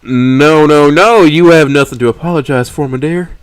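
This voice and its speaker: A man voicing a kindly middle-aged male stegosaurus father, speaking slowly and formally. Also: on the high side, smooth, voice pushed up, lightly acted. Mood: tender.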